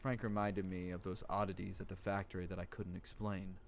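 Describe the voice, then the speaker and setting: A man's voice: sits low, level tone, fairly quick, a little hiss or hum. A man streaming live, joking and cursing while reading game text aloud and commenting on his play. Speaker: streamer playing a horror game.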